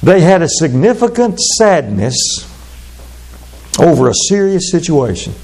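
Gravelly preacher man. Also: on the high side, sing-song, mellow. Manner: measured, drawn-out delivery with sudden fast asides. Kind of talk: sermon.

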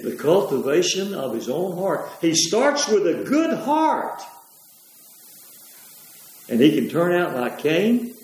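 Male preacher, high and animated, emphatic repetition, booming hall echo. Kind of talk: sermon. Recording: very echoey hall.

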